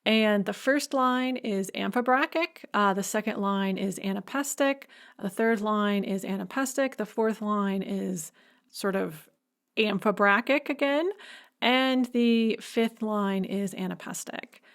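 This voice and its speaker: A woman's voice: mid-range voice, a little slow. A woman instructor giving a recorded lecture, explaining patiently and humming rhythms aloud to show them.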